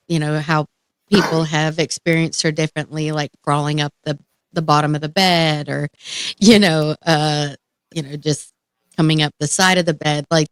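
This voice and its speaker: A woman in a casual live stream chat, speaking in a halting way with lots of fillers as she recounts her experiences. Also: deep voice, clean tone, no echo. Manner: halting, filler-heavy, breathless storytelling.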